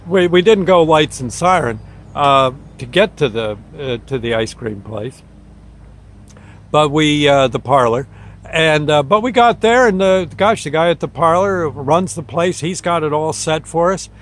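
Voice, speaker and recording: A man's voice: a little high, measured pace, fairly bright tone. A man who once worked on an ambulance crew, telling a story in a folksy, rambling way with chuckles between phrases. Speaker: ambulance crew member recalling a shift. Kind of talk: casual storytelling.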